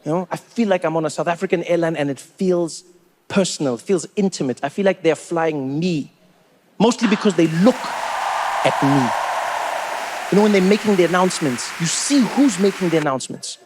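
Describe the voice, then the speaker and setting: High-voiced incredulous male stand-up comic. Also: normal speed. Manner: animated, incredulous storytelling. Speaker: stand-up comedian. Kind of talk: stand-up comedy.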